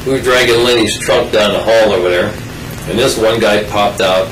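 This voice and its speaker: A man's voice: lowish voice, moderate pace, fairly bright tone, recorded from a distance, slight background noise. An older man telling a rambling, folksy personal story in casual oral-history style, full of restarts and asides. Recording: roomy sound from off mic.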